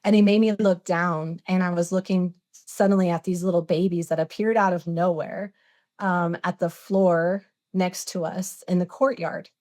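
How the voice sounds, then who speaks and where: Speaking at normal speed in a fairly low, mellow, steady voice, a woman in her forties is interviewed on a podcast. She sincerely retells a personal story, performing the conversations within it.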